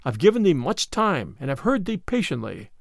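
A man voicing a gentle, soft-spoken young stranger in old-fashioned speech. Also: a little high, sing-song, moderate pace, vocal fry, no room sound, studio quality, exaggerated voice. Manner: soft, gentle, mildly mocking.

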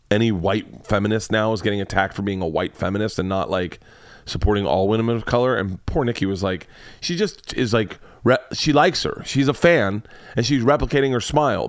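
In clean studio sound with no room echo, an animated, low-voiced man hosts a comedy podcast and rants through celebrity news. His delivery is profane and rambling, dotted with quick asides.

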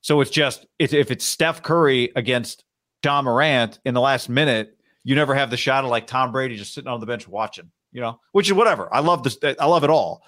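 Animated male sports talk host. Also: mid-range voice, fairly quick, dry recording, studio quality. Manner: animated, playfully mimics broadcaster voices.

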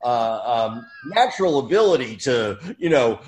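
A man in casual chat, telling anecdotes in a rambling, animated way. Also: mid-range voice, a little slow, poor audio.

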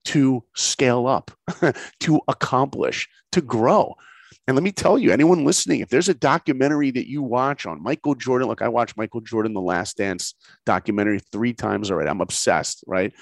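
A man in his forties from New York, a guest telling motivational stories in a punchy, animated way. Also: mid-range voice, creaky, dry recording. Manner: animated, punchy, acts out dialogue. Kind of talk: motivational storytelling.

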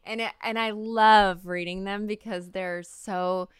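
Giggly, smooth-voiced woman podcast host. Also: medium pitch, fairly even intonation, a little slow, no room sound, clean studio sound. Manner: giggly, rambling with many fillers. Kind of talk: casual chat.

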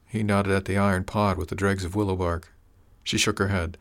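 A man reading a story aloud as narrator, calm and measured. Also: low voice. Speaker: audiobook narrator.

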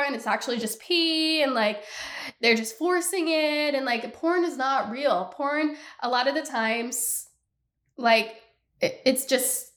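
A young woman hosting a solo podcast, ranting bluntly and with animated exasperation. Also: on the high side, reverberant. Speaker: podcast host.

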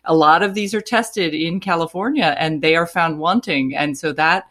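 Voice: mid-range voice, normal speed, fairly bright tone. A panelist on a political podcast, arguing earnestly and often repeating words while searching for the phrase. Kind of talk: political commentary.

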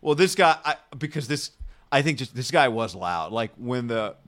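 A man co-hosting a podcast, telling anecdotes in a relaxed, chatty way. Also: mid-range voice, normal speed. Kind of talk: casual chat.

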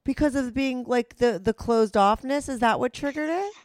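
A woman's voice: sits high, moderate pace, a little mellow, no echo, studio quality. A woman hosting a podcast, reading a sponsor ad and asking supportive, probing questions in casual chat. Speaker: podcast host.

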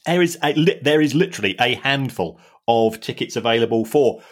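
A man's voice: mid-range voice, lively intonation, brisk. A man co-hosting a podcast in casual chat, stumbling and repeating words, with self-mocking asides. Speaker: podcast co-host.

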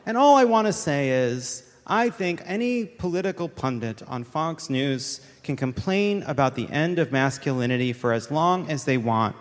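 A man's voice: fairly high pitch, expressive, normal speed, few pauses. A man hosting a talk show, giving a rambling, self-mocking comic rant with plenty of swearing. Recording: reverberant hall, faint room noise.

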